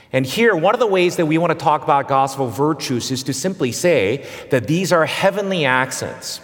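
A male pastor, giving an earnest, measured sermon with pauses and small restarts. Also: fairly high pitch. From immigrant who came to the US at nine. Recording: hall reverb.

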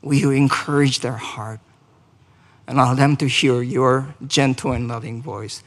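A man's voice: mid-range voice, steady tone, a little slow, in a large hall. A man preaching a sermon and leading a closing prayer, speaking earnestly, asking the congregation questions and rising to emphatic peaks. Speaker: pastor.

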